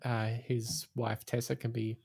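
A man's voice: mid-range voice, flat delivery, measured pace, vocal fry, a little mellow, husky. A man chatting casually about a film, joking and laughing often. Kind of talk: casual film review chat.

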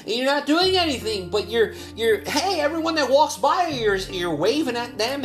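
A male pastor preaching a devotional sermon with earnest urgency that swings between loud calls and soft, quiet passages. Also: very high-pitched, very animated, normal speed, roomy sound, soft background music.

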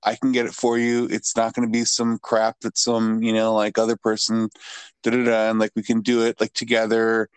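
A man co-hosting a podcast, thinking aloud in a reflective, halting, casual way. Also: lowish voice, completely flat delivery, clear, resonant tone, no room sound. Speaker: podcast co-host.

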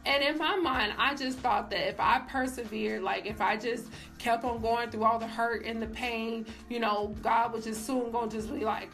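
A woman's voice: on the high side, fairly even intonation, moderate pace, few pauses, a bit bright, faint music behind. A young woman giving a casual personal faith testimony, emphatic and filled with "like", as a show host. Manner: casual, emphatic, says "like" often. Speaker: faith vlogger.

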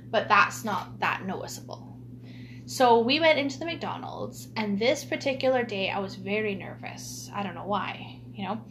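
A woman's voice: mid-range voice, a little hiss or hum. Chatty woman telling a story. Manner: animated, laughing storytelling with many fillers. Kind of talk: casual chat.

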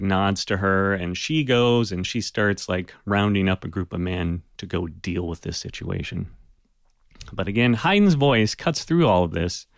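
A man narrates a tabletop game session as its game master, talking slowly in a loose, conversational way. His voice sits low and sounds clear and resonant. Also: no echo, studio quality. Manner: loose and conversational, many fillers.

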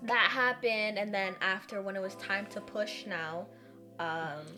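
A woman's voice: mid-range voice, fairly even intonation, unhurried, music in the background. A young woman in her twenties, telling her birth story in casual chat and acting out the others' lines.

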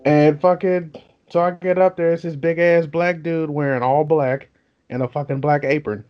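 A man's voice: on the high side, moderate pace, soft background music. Profane young man telling a story. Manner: profane, animated storytelling with laughs. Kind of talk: casual storytelling chat. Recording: dull lo-fi sound.

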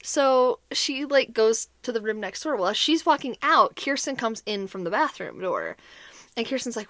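A young woman co-hosting a podcast, telling a story in casual chat, animated and full of "like", acting out the voices of others. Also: fairly high pitch, moderate pace. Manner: animated, heavy use of "like", acts out quoted voices. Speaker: podcast co-host.

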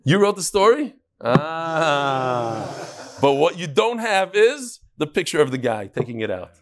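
This is a man leading an animated Talmud lesson. His voice sits a little on the high side. He keeps weaving in Hebrew terms and repeating words for emphasis. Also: unhurried. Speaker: Talmud teacher. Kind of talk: animated Talmud class with storytelling.

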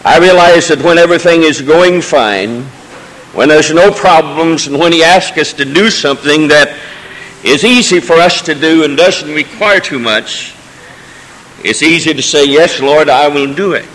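A pastor preaches a Sunday sermon during a service in a church sanctuary, his voice a little high and a bit bright at a moderate pace. He shifts between folksy asides and rising, emotional cadences, with the long reverb of a church hall around him.

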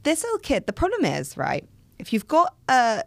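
A woman's voice: fairly high pitch, wildly swooping pitch, normal speed, creaky, dry recording. A woman in her thirties co-hosting a podcast, chatting casually and telling funny stories, laughing often and acting out the voices of people she quotes. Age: 30s. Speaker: podcast co-host. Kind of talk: casual chat.

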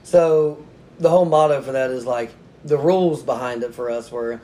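A man's voice: mid-range voice, moderate pace, dark tone, slight background noise. A man talking as a podcast guest, telling a story in a casual, self-mocking way and laughing often.

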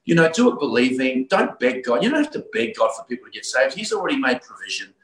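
A man from Australia, middle-aged or older, tells a personal conversion story as a guest. He talks earnestly, often restarting his sentences as he searches for words. His voice sits at an ordinary pitch in a roomy, echoing space. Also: sing-song, fast. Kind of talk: telling a personal faith story. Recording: roomy echo.

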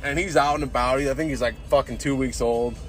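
A man's voice: medium pitch, steady tone, quick pace, music in the background. A tipsy man hosting a casual, rambling podcast monologue, swearing freely and saying "dude" constantly. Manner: profane, says "dude" constantly. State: tipsy from drinking beers. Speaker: podcast host.

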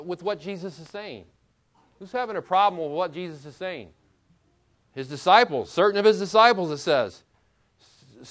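Man, pastor, sermon, somewhat higher voice, reads scripture then comments casually. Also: a bit bright. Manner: expository preaching, reads scripture aloud and comments; conversational asides, chuckles.

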